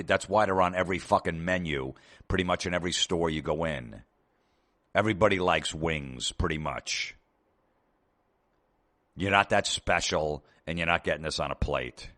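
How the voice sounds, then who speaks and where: Male comic host, very low voice, exasperated profane rant. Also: normal speed, pauses often, a bit bright. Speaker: comedian host. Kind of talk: comedic rant.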